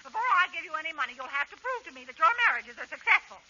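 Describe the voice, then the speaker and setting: A fussy gushing old maid, high bright voice, hissy old radio. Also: female voice, lively intonation, very fast, heavily acted. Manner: prissy, gushing, affected. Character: prim, gushing spinster client. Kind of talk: 1940s radio comedy acting. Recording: dull 1940s radio broadcast, faint hiss.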